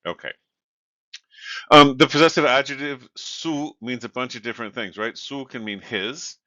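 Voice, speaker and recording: Guy teaching spanish grammar, bright tense voice, kinda dull lo-fi audio, says right a lot. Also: mid-range voice, steady tone, moderate pace, dry recording. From California. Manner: explanatory, many fillers and "right?" checks. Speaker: Spanish instructor. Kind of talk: recorded lecture. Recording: dull, lo-fi sound.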